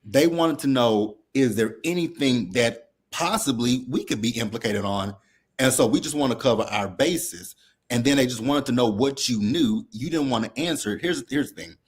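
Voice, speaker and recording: A man's voice: mid-range voice, normal speed, breathy edge. A man co-hosting a casual recap chat, blunt, profane and worked up as he talks. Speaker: podcast co-host.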